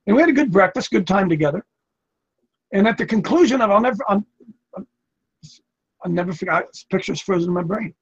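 A man's voice: sits high, lively intonation, brisk, long pauses, husky, dull audio. A man in his sixties preaching a sermon in a folksy, repetitive, emphatic way. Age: 60s.

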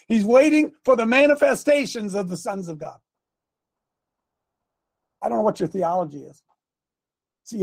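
Fiery high-voiced preacher man. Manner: shouting, emphatic, sarcastic asides. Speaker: pastor. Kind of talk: fiery sermon.

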